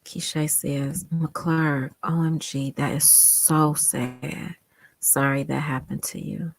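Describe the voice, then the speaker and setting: A woman hosting a casual live stream, reading viewer comments aloud and speaking with emphatic, impassioned repetition, sometimes sinking to a hushed near-whisper. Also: low-pitched, fairly even intonation, slow, gravelly, no echo. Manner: impassioned and emphatic, repeats phrases for stress; drops to a hushed near-whisper when moved. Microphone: home desktop setup with monitor.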